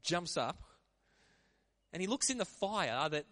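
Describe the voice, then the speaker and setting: Lively pastor preaching. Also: male voice, high voice, unhurried. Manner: lively, conversational preaching with frequent laughs. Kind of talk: sermon.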